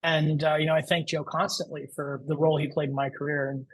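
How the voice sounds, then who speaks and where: A man in his forties, a podcast guest, telling his career story in a lively, anecdotal way and acting out the voices he quotes. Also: a little high, fast, slightly rough, low-quality recording. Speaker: guest entrepreneur.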